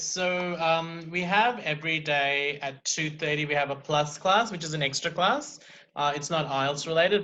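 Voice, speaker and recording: A man from a college gives class details in a brisk, matter-of-fact way. His voice sounds bright and forceful, with a somewhat higher pitch. The call audio is muffled and lo-fi. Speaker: college staff member. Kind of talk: giving class information.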